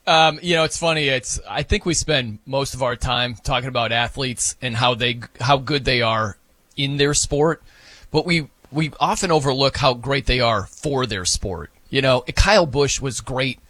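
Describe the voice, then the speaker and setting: A man's voice: mid-range voice, moderate pace, fairly bright tone, no echo. A man co-hosting a sports talk show, chatting casually and animatedly, laughing and acting out wrestling announcer bits.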